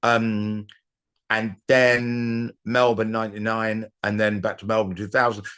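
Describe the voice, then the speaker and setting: Middle-aged male comedian, lowish voice, rambling storyteller, acts out quotes in chat. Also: level tone, unhurried, a bit bright, smooth. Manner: rambling anecdotes with restarts and acted-out quotes. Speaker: comedian guest. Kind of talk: casual interview chat.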